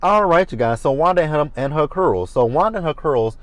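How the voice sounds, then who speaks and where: A man giving a sassy, animated, swearing commentary on a reality TV episode. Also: fairly high pitch, fairly quick, dry recording. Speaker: reality TV reviewer. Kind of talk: casual commentary.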